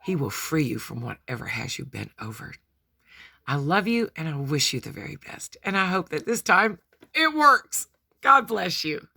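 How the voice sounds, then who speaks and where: A woman's voice: low-pitched, big pitch swings, normal speed, vocal fry, pushed and bright, slightly rough. A woman giving a short devotional sermon, telling a story earnestly and acting out its voices. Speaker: preacher.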